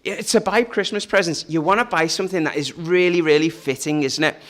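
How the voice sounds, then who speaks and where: A man's voice: on the high side, fairly quick, fairly bright tone. A man leading a family church service, talking in a chatty, joking way and asking the children questions. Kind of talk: informal family service talk.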